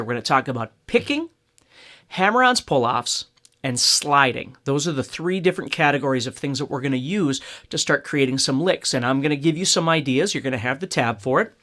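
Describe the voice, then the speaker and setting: Man teaching guitar over his playing. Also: fairly high pitch. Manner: relaxed, explains step by step, checks in with "okay?". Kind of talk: casual video lesson. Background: acoustic guitar playing.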